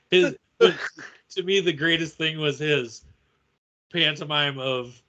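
A man co-hosting a podcast, tossing in wry quick asides. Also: fairly high pitch, bright, forceful tone. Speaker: podcast co-host. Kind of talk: casual chat. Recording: dull lo-fi sound.

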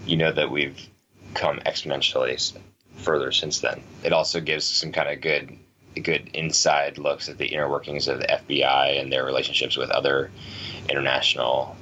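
A podcast co-host with an extremely low, forceful voice chats casually at normal speed in a level tone, rambling thoughtfully and often restarting his sentences. The audio is slightly dull with a faint hiss behind him.

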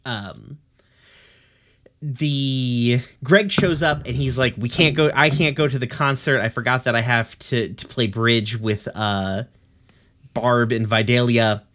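A man in a loose, rambling podcast chat, retelling a cartoon episode with plenty of swearing. His voice sits at a middle pitch. He laughs often and slips into quick character voices as he goes. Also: fairly bright tone. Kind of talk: casual chat.

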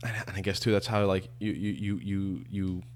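A man's voice: low-pitched, level tone, moderate pace, a little mellow. Rambling, questioning male podcast host. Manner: rambling, questioning, many restarts and fillers. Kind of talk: casual chat.

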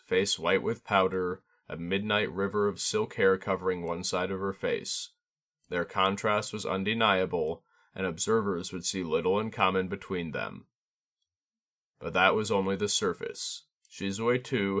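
Male narrator, low voice, measured storybook reading. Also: fairly bright tone.

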